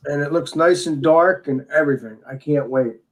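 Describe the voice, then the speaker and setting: A man's voice: on the high side, moderate pace. A man co-hosting a casual beer tasting chat, talking with enthusiasm and rambling restarts. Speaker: beer reviewer co-host.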